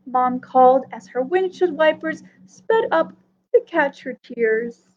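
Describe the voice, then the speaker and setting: Slow, lilting woman reading a story. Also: sits high, animated, narrow, tinny audio, a little hiss or hum. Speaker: children's librarian. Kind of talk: children's story time read-aloud.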